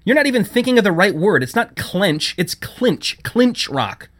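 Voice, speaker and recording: A man's voice: sits high, animated, racing, a bit bright, voice pushed up. A man reading a story, voicing an indignant, sarcastic young woman who works in a shop. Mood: scornful. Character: sharp-tongued young woman, fiery shop worker.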